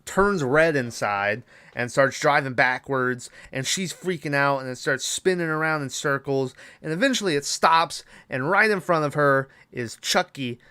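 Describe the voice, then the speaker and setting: A man's voice: medium pitch, a bit bright, smooth, no echo, studio quality. A man hosting a podcast, casually retelling a movie plot in a rambling, profane way with lots of filler words. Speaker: podcast host.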